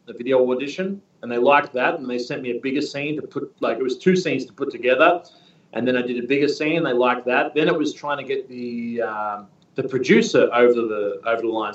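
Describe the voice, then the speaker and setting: A man in his thirties from Australia, a guest in a casual interview, talking in a rambling, relaxed way with many fillers. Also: mid-range voice, brisk. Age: 30s. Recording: distant, echoey, muffled room sound.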